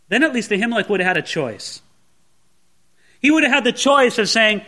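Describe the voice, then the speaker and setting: A man preaching a sermon, teaching through a Bible passage in an animated way and acting out the characters' lines. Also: high-pitched, brisk, pauses often. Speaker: pastor.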